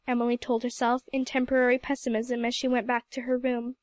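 High-voiced woman reading a novel aloud. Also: completely flat delivery, fairly quick, few pauses, dry recording. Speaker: audiobook reader. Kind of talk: scripted narration.

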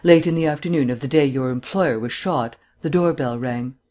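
A man reading an audiobook, voicing a cool, cynical gentleman detective with a drawling, mildly mocking manner. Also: medium pitch, moderate pace, natural voice. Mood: cool, probing.

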